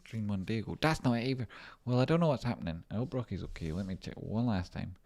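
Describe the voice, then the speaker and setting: A man's voice: lowish voice, fast, darkish tone. A man hosting a stock trading livestream, rambling, joking and swearing casually as he reads out viewer messages. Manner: rambling, joking and swearing while reading chat.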